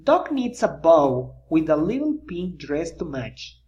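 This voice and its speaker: A reader gives an eager little storybook kitten girl with lively ups and downs. The sound is dull and lo-fi. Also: medium pitch, slow.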